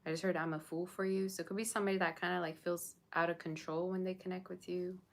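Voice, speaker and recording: A woman's voice: on the low side, flat delivery, fast talker, vocal fry. A woman doing a live tarot reading, chatting casually with her viewers. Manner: chatty, talks to viewers and chat. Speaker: tarot reader.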